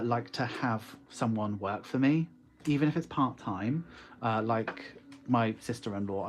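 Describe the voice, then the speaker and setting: Chatty West Country man streaming live. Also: mid-range voice. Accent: West Country English. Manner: chatty, reads viewer comments aloud, laughs often. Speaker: online shop owner streaming live. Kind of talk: casual live-stream chat.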